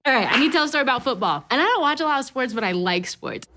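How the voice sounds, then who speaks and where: A woman's voice: sits high, expressive, racing, heavy background noise. A young woman teaching a youth church lesson, telling stories in a chatty way with lots of "like" and "right?" and frequent laughs. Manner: laughs often, self-teasing. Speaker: children's ministry teacher. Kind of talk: animated youth lesson talk.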